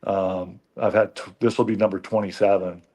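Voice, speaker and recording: A middle-aged man with a lowish voice talks through his stories as a radio guest. He is chatty and laid-back, with plenty of ums and you-knows as he goes. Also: flat delivery, moderate pace, mellow. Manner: storytelling, chatty with many fillers. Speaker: guest, former pro football lineman turned coach. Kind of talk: casual interview talk.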